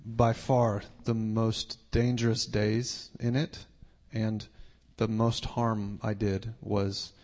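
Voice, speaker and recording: A man moderating a church panel, reflective and measured. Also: on the low side, little pitch movement, a little mellow.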